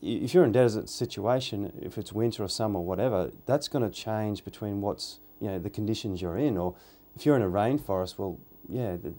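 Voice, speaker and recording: Low-voiced easygoing man. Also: a little fast, few pauses, warm tone. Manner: easygoing, rambling anecdotes. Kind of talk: casual chat, storytelling.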